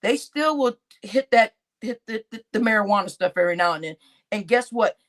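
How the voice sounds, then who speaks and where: A woman's voice: mid-range voice, fairly quick. A woman hosting a casual livestream, chatting with her audience, laughing often and swearing as she reads comments. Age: adult, grown-up. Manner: animated, laughing, swearing, addresses chat as y'all. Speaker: livestream host.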